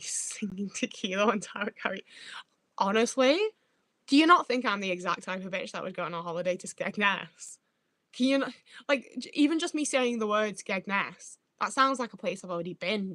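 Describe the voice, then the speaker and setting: A woman's voice: mid-range voice, a bit bright, no echo. A young woman from the north of England, chatting bluntly and swearing freely as she reads out comments on her livestream. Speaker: livestream host. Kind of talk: casual livestream chat reading comments.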